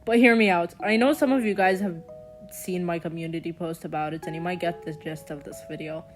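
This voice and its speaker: A young woman giving a chatty, casual voice-over commentary with quick sarcastic asides. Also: fairly low pitch, steady tone, faint music behind. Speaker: commentary vlogger.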